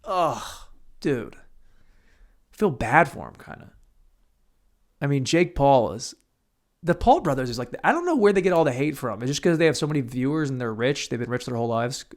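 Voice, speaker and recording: A young man talks alone into his podcast mic at home, drifting from topic to topic with crude, swear-laden jokes. He mocks himself as he goes, and his voice sits at an ordinary middle pitch. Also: sing-song, a little fast, long pauses. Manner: crude, rambling, self-mocking, swears freely. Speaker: podcast host. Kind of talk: solo podcast rant. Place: home studio room.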